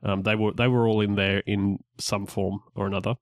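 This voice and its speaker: Lowish-voiced man co-hosting a geek podcast. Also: level tone, moderate pace, no room sound, studio quality. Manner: upbeat introduction, then rambling with many restarts. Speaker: podcast co-host. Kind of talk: casual geek podcast chat.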